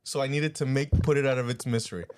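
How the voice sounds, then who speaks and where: A man's voice: mid-range voice, steady tone, fast talker, noisy background. Joking Canadian man podcast co-host. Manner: joking, protesting, mock-serious. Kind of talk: casual chat.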